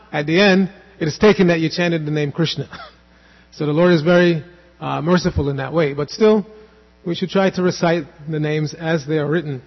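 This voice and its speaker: A man's voice: a little high, fairly even intonation, moderate pace, in a large hall, muffled recording. A man giving a devotional scripture class, explaining at length, wandering off on asides and chanting Sanskrit verses.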